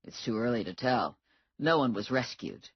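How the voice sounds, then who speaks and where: A woman voicing a man, a dry, teasing boyfriend who speaks low and deadpan. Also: normal speed, breathy edge, no echo, lo-fi sound, heavily acted.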